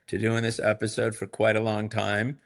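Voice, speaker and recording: A man's voice: lowish voice, completely flat delivery, normal speed. A middle-aged man, a doctor co-hosting a podcast, talking bluntly and emphatically, often checking in with "okay?". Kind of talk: casual podcast chat.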